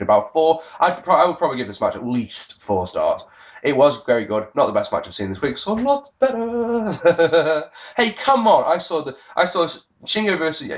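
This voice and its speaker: Animated sarcastic man ranting casually. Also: fairly low pitch. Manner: animated, sarcastic, swears a lot, swings between grumbling and excited yelps. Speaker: wrestling show reviewer. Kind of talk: casual solo review rant.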